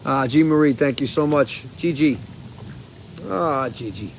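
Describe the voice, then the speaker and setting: Guy on a porch livestream, kinda stoned, rambling and cursing, slightly high voice, little bit of noise around. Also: normal speed, poor audio. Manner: rambling, profane, animated storytelling. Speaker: live-stream host. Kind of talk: casual live-stream chat. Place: outdoors on a porch.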